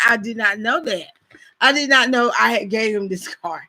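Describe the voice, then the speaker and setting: A woman's voice: a little high, moderate pace, bright, forceful tone, rough recording. A woman hosting a live stream, chatting casually with viewers and reading greeting cards aloud. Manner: chatty, addresses viewers directly.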